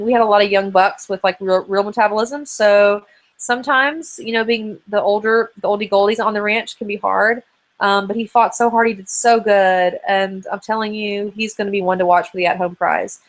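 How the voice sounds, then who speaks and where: A woman in her thirties hosting a live online hangout, chatting casually and rambling as she answers viewer questions. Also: mid-range voice. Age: 30s. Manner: chatty and rambling, many fillers. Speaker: host of a live video hangout.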